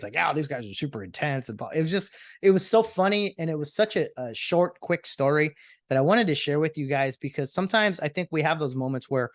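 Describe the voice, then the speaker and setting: A man talks through a story as a casual host. He rambles earnestly, stopping and restarting with plenty of "uh" and "um." His voice sits at an ordinary middle pitch, and the recording is dry and close with no room sound. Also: no echo. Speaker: podcast host.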